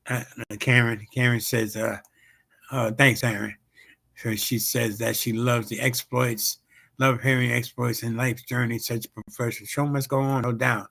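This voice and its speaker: A man's voice: medium pitch, little pitch movement, measured pace, creaky, sharp tone. A comedian hosting his own show tells a rambling, profane story full of fillers and repeated "bam, bam". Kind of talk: casual storytelling on a livestream show.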